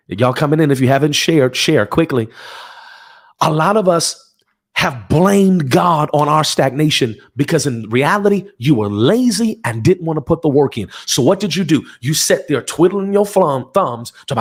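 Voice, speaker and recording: A man's voice: fairly high pitch, expressive, normal speed. A man preaching from his home office on a livestream, fervent and emphatic, repeating phrases and calling out to his listeners. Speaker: pastor.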